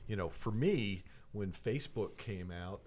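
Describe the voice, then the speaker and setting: A relaxed man in his fifties chats as a podcast guest, his voice sitting a little low. He talks in an easygoing, surfer-casual way. Faint room ambience hums behind him. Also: a little slow, a little hiss or hum. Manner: relaxed, laid-back surfer talk. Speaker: sales trainer guest. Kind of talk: casual interview chat.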